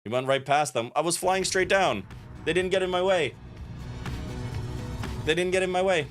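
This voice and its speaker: A man's voice: high-pitched, moderate pace, a bit bright. A man streaming a game, chatting playfully with viewers and reading the game's text aloud. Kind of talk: casual gameplay commentary. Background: faint game music.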